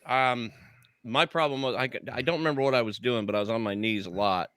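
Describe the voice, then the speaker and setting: A man with a bright, forceful voice of middle pitch jokes on a podcast with playful, boisterous comebacks. The sound is dry and close. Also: a little fast, clear, resonant tone, no echo. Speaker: podcast co-host. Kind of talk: joking banter.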